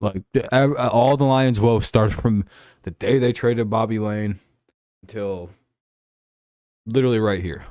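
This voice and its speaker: A man's voice: lowish voice, measured pace, long pauses, a little mellow, no echo, clean studio sound. A man hosting a casual football talk show, ranting and sarcastic with plenty of swearing. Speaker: host.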